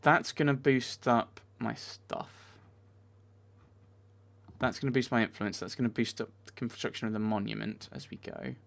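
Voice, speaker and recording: A man talks through a video game session as he plays. He chats back at the characters on screen and is quickly exasperated when things go wrong, his voice sitting at a middle pitch. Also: gravelly, fairly bright tone. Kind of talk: let's play commentary.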